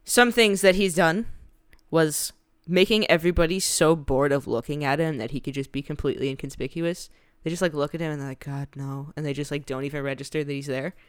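A woman's voice: deep voice, fairly even intonation, fairly quick, clear, resonant tone, no echo, studio quality. A woman co-hosting a podcast, casually recapping a book with profane, sarcastic commentary and frequent laughter. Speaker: podcast co-host.

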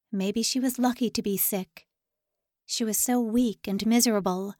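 A woman reads a novel aloud as an audiobook narrator, calm and measured in her storytelling. She takes her time, unhurried and even, and the close microphone sounds dry with no room around it. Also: mid-range voice, no room sound.

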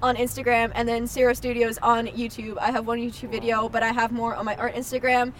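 A woman's voice: a little high, little pitch movement, a little fast, slight background noise. A nineteen-year-old woman guesting on a podcast, talking with gushing enthusiasm and lots of "like". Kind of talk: casual podcast chat.

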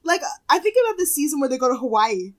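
This woman, co-hosting a casual podcast, talks fast and very animatedly in a high register, recapping a show with chatty sarcasm and plenty of swearing. The recording quality is poor.

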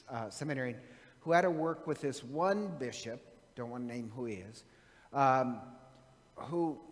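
Man, priest, casual anecdote, rambling, lots of fillers, mid pitch, long echoing reverb. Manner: rambling, many fillers and restarts, chuckling.

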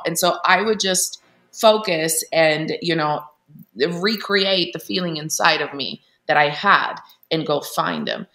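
A woman guest telling a personal story in an earnest, animated way, full of fillers and restarts. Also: low-pitched, a little slow. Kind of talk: candid storytelling interview.

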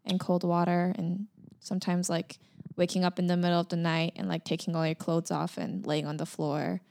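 Woman guest w a bit of fry, lots of um and like, chatty. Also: on the low side, flat delivery, moderate pace, a little mellow, a little hiss or hum. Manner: hesitant, lots of "um" and "like". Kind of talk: casual chat.

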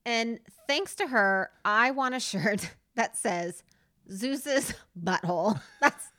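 A woman's voice: fairly high pitch, animated, slow pace, pushed and bright, no room sound. Woman co-host, casual and giggly, drifts mid-thought; dry, close recording. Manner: giggly, rambling, trails off. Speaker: podcast co-host. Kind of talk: casual chat.

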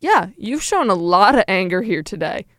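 A woman's voice: medium pitch, sing-song, normal speed, fairly bright tone, no echo, clean studio sound. A young woman co-hosting a podcast, chatting casually about a reality show with bursts of exasperation. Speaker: podcast co-host.

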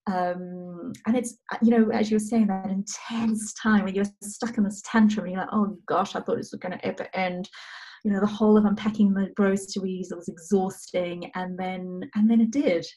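A woman in her thirties, a guest in a casual interview, talking gently about parenting and pausing often as she tells a story. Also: mid-range voice, fairly even intonation, poor audio. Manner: gentle storytelling with frequent pauses.

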